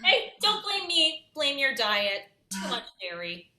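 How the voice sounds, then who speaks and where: A woman's voice: high-pitched, big pitch swings, unhurried, roomy sound, noisy background. A young woman playing a sassy, dramatic Cinderella in a stage comedy. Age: young adult.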